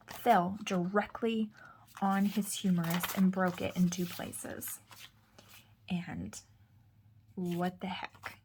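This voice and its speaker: Rambly mom vlogger in her 30s, lots of "like", a bit of vocal fry. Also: medium pitch, a little mellow, a little hiss or hum. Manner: chatty, rambling, full of "like". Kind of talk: casual chat.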